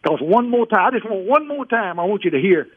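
A man calling in to a radio show, talking in a folksy, preacherly way with drawn-out emphatic phrasing over a phone line. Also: sits high, animated, husky, no echo. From Mississippi. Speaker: caller. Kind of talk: casual radio call-in chat. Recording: phone-line call, dry.

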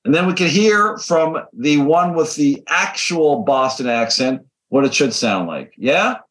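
A man's voice: fairly high pitch, lively intonation, measured pace, fairly bright tone, low-quality recording. A man co-hosting a radio podcast, chatting casually in a loose, rambling way with many fillers. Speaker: podcast co-host. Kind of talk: casual chat.

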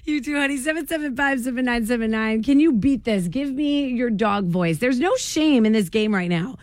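A woman's voice: fairly high pitch, moderate pace, darkish tone, no room sound, studio quality. A woman hosting a morning radio show, chatting in a bubbly way and laughing often.

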